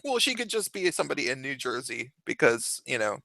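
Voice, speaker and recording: A man hosting a casual chat stream, telling stories in a rambling, halting way. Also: medium pitch, big pitch swings, creaky, bright, forceful tone, no room sound. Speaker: stream host.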